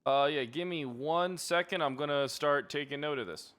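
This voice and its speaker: A man's voice: a little high, normal speed, fairly bright tone, smooth. A man playing a police officer taking a report in a role-play game, easygoing and teasing. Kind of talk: casual role-play chat.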